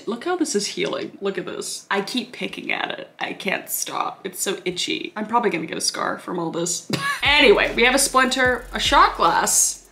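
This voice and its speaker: Sarcastic bright-voiced woman. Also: medium pitch, animated, moderate pace, soft background music. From Canada. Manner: sarcastic, swears freely, laughs often. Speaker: comedy YouTuber. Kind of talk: comedic reaction commentary.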